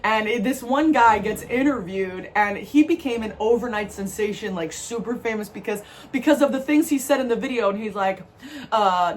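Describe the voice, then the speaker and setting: A woman from New Jersey giving a spiritual tarot reading, talking to viewers in an animated way, repeating phrases for emphasis and laughing often. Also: a little high, moderate pace, slight background noise. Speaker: tarot reader.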